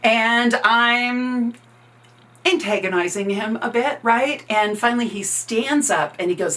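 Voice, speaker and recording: A woman workplace coach telling a story, with dramatic pauses and shifting loudness. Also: on the high side. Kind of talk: storytelling talk.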